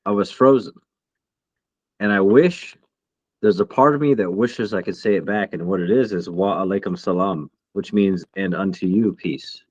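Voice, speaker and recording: A man's voice: low voice, breathy edge, no echo. Reflective man on a dull, dry mic. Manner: reflective, halting. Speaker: podcast co-host, military veteran. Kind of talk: casual chat.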